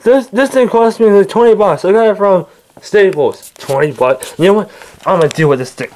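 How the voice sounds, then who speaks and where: A man acting out a home-made toy skit, bickering with himself in several voices, jumping between shouted yelps and low grumbles. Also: a little fast, slight background noise.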